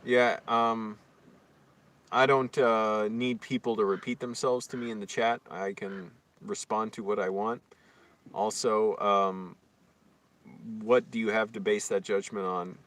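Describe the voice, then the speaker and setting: Unhurried and fairly bright in tone, a man from Virginia rambles indignantly through a story during a casual livestream rant. His voice is lowish, his intonation fairly even, and he keeps restarting and using fillers.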